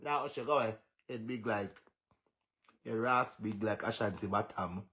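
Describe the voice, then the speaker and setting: A man's voice: fairly low pitch, normal speed. Mocking Jamaican man ranting on a stream. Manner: mocking, cursing, laughing loudly. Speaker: live streamer. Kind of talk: casual live-stream rant.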